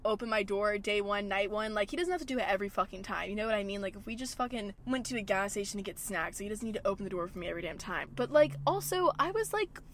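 Sitting in a parked car at a gas station, a young adult woman runs her podcast as a loose, chatty conversation, swearing a lot and saying "like" constantly. She talks fast and expressively in a mid-range voice, barely pausing, over faint background noise.

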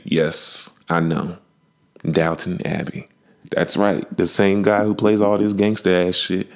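Low-voiced male podcast host, relaxed and profane, joking monologue.

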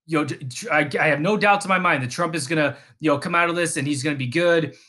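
A man's voice: a little high, fast talker, pushed and bright, voice pushed down. Flustered male doctor, stammering through vague reassurances, as a man mocks him. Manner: stammering, hesitant.

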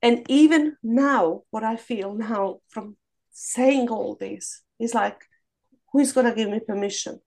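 A woman sharing her struggles candidly on a video call, blunt and animated, swearing freely. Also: on the high side, slow, creaky, low-quality recording. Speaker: coaching group participant.

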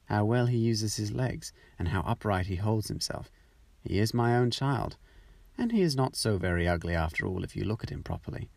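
A man's voice: lowish voice, expressive, normal speed, vocal fry, a little mellow, no room sound. A man voicing a fussy, proud mother duck in a storybook reading, anxious and doting. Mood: fond.

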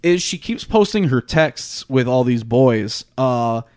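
A man's voice: medium pitch, expressive, takes it slowly, a little mellow. A man hosting a podcast in casual chat, reading out social media posts with laughs and swearing. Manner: laughing, swearing, loose and rambling. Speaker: podcast host.

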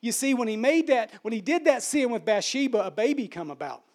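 High-voiced man preaching a dramatic sermon. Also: expressive, brisk. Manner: emphatic, dramatic swings between soft and loud.

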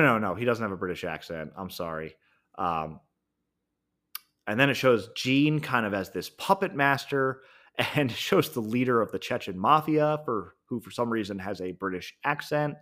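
This podcast host is a man whose lowish voice has a bit of brightness. In a relaxed solo review, he walks through a series finale, thinking out loud, saying um often and correcting himself.

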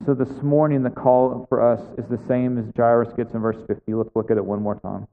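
A man's voice: medium pitch, level tone, fairly quick, gravelly. Man preaching in an echoing hall. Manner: earnest, conversational, with acted quotes and repeated questions. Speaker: pastor. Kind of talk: sermon. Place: church sanctuary. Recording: phone-like sound in a reverberant hall.

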